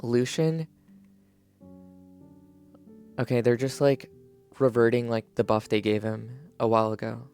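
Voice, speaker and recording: A man's voice: mid-range voice, little pitch movement, moderate pace, a little mellow, clear, resonant tone, faint music behind. Man with a groggy morning voice. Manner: rambling, heavy use of "like", frequent restarts. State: just woke up, morning voice. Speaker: video creator reviewing game patch notes. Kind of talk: casual unscripted commentary.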